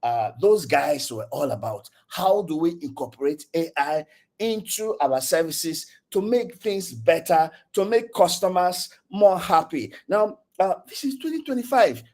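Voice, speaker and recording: A man with a Nigerian accent giving an online tech talk as presenter over a video call, hesitating often with fillers and pitch that rises and falls. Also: expressive, a little slow, darkish tone.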